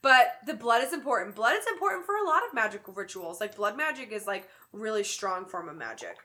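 Very animated and fairly quick, a woman with a medium pitch and sharp tone co-hosts a podcast. She chats casually, cracks jokes, and explains a spooky game's steps at length.

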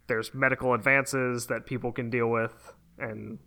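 A man co-hosting a podcast, talking in a relaxed way as he reads out contact details and thanks. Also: mid-range voice, a little slow, creaky. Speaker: podcast co-host. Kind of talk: casual podcast chat.

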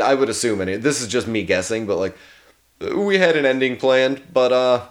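A man co-hosting a casual movie podcast, swearing freely and talking in a relaxed, joking way. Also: mid-range voice, moderate pace. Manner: profane, laid-back, laughs often. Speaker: podcast co-host. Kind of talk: casual movie review chat.

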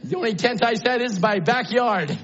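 A male preacher delivering a sermon in a church, swinging from low musing to shouted exclamations. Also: moderate pace, slight background noise. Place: church sanctuary. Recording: dull lo-fi sermon recording.

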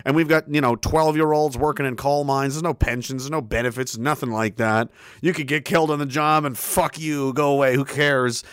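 A man's voice: mid-range voice, steady tone, brisk, a bit bright, smooth, no echo, studio quality. A man giving a heated, profane commentary that rambles with restarts. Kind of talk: casual political rant.

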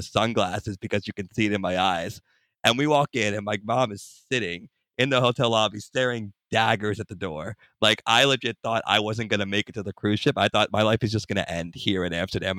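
Bright-voiced young man telling a story. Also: on the low side, no echo, clean studio sound. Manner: animated, acts out voices in anecdotes. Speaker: guest. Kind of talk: casual storytelling.

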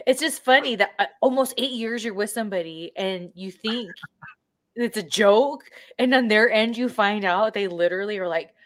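Woman co-host, mid-pitch, rambling casual storyteller who laughs a lot. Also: moderate pace, a bit bright. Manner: chatty storyteller, laughs and coughs often. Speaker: podcast co-host. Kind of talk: casual chat.

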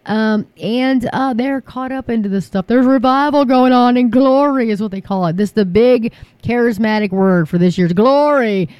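A woman's voice: on the high side, moderate pace, smooth, no room sound, highs cut off. A woman from the United States hosting an online talk show, chatting to viewers in an emphatic, filler-heavy way that rises into pleading. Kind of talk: casual commentary to viewers.

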